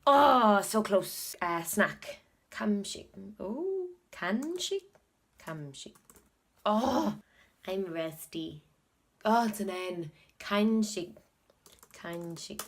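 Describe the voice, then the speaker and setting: A woman's voice: mid-range voice, lively intonation, extremely slow. A woman with an Irish accent chatting casually in a study vlog, thinking aloud and repeating words to practise them. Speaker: video blogger learning Korean.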